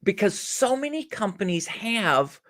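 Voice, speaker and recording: Lively, animated man telling stories. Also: high voice, measured pace, dry recording, studio quality. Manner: animated storyteller who acts out little dialogues. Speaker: podcast guest, gratitude speaker. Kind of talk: conversational podcast interview.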